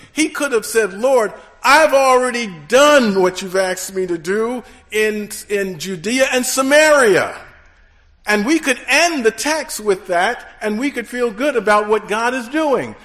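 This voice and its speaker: Slow, high-voiced male preacher. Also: lively intonation, a bit bright. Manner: slow, emphatic preaching with rising calls to the congregation. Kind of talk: sermon. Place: church.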